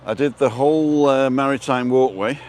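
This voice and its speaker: Man, mid-pitched voice, chatty vlog host, outdoors, clip-on mic. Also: moderate pace, darkish tone, slight background noise. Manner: chatty, reads viewer comments aloud. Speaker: vlogger host. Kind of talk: casual walking vlog chat. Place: outdoors on a seafront promenade. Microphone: wireless lapel mic.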